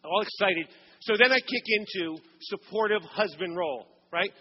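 High-voiced pastor in a reverberant hall. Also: male voice, moderate pace, dull audio, slight background noise. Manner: animated storytelling, acts out quoted voices. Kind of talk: sermon with storytelling. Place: church sanctuary.

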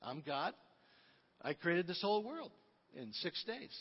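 A man voicing Jesus in a gentle, reassuring, conversational way, with little change from his own voice. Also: high-pitched, big pitch swings, measured pace, slightly rough, exaggerated voice. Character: calm kindly Jesus, grown man. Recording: reverberant, dull lo-fi.

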